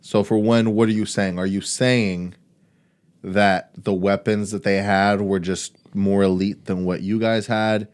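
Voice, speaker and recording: A man with a low, smooth, clear voice co-hosts a casual podcast. He talks through a story step by step and presses his point with a string of rhetorical questions. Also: level tone, a little slow. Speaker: podcast co-host.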